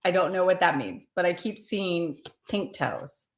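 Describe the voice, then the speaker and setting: A woman's voice: on the low side, animated, a little slow, roomy sound, slight background noise. A woman hosting a live card reading, chatting and encouraging viewers by name. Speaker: tarot reader and live stream host.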